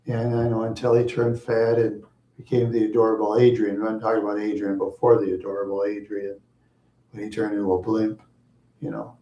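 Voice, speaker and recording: A man's voice: lowish voice, completely flat delivery, a little fast, mellow, lo-fi sound. A middle-aged man answering viewers in casual, rambling chat, chuckling often and trailing off into asides. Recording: echoey room.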